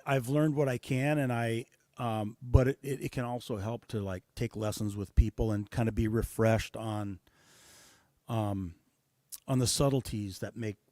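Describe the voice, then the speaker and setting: Low-voiced man, dry close sound. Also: darkish tone, dry recording. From United States. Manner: thoughtful, many hesitations and fillers. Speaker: guest musician. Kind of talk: casual interview talk.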